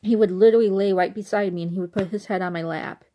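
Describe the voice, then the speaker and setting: A woman speaking in a relaxed, reminiscing monologue for her vlog. She rambles, backtracks and restarts her sentences, and her voice sits at an ordinary middle pitch for a woman. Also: fast. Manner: rambling, with many restarts and asides. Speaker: vlogger.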